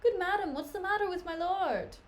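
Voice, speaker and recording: A woman's voice: very high-pitched, a little fast, pitched above the performer's own voice. A woman reading the part of a loyal, outspoken female servant, blunt and protective. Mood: concerned. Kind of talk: dramatic reading of a play.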